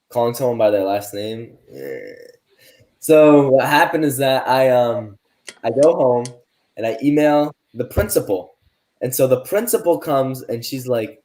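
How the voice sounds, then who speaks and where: Young male co-host, teens, mid-pitched, animated storyteller. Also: unhurried. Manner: animated, acts out quoted adults in his story. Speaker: podcast co-host. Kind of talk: casual storytelling.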